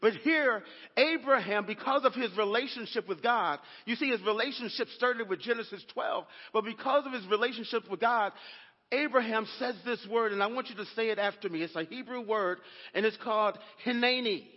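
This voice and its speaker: Man, pastor, high voice, preaching, church call-and-response, long echo, dull muffled sound. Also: brisk. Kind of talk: sermon. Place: church sanctuary. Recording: dull, echoey church recording.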